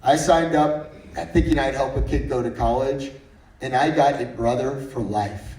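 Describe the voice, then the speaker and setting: A man's voice: mid-range voice, moderate pace, darkish tone. A man in his thirties giving a faith-based speech at a breakfast meeting, telling humorous stories and often restarting his sentences. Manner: anecdotal and humorous, with frequent restarts. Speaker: guest speaker. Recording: roomy sound from far off.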